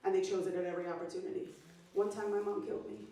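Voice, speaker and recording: A woman's voice: medium pitch, steady tone, rapid-fire, warm tone. A woman comedian performing a stand-up set, with a brash, profane, punchy delivery. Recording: echoey club sound from far off.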